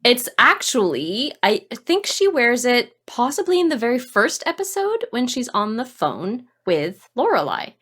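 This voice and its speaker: Higher, expressive woman co-host. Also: slightly rough. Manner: expressive, giggly, reacts with quick exclamations. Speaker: podcast co-host. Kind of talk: casual chat recapping a TV episode.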